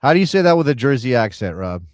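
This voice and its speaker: A man's voice: mid-range voice, big pitch swings, fast talker, no echo, studio quality. A man co-hosting a casual soccer live stream, chatty and rambling as he reads out viewer names. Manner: rambling, chatty, thinks aloud while reading chat names. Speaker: soccer show co-host.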